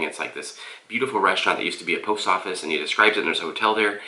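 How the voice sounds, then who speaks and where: A man's voice: low voice, rapid-fire, sharp tone, echoey room. A man reviewing a book on camera in a loose, rambling way and often calling his viewers "guys.". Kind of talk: casual vlog book review. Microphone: camera mic.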